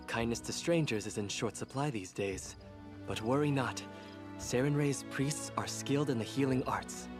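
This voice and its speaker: A man's voice: mid-range voice, normal speed, music in the background, natural voice. An actor playing an earnest male priest of a sun goddess in a game, speaking in a formal, courteous way. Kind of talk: game character dialogue.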